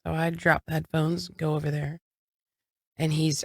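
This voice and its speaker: A woman's voice: sits low, flat delivery, normal speed, vocal fry, pauses often. A woman in her thirties co-hosting a podcast, telling a family story in a frank, casual way and swearing now and then. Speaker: podcast co-host. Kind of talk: casual chat.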